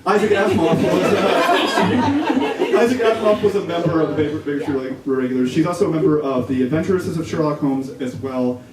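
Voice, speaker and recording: A man hosting a bookstore event, introducing the author in a halting way with many fillers. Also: fairly high pitch, expressive, a loud crowd. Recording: echoey shop, mic from far off, audible noise.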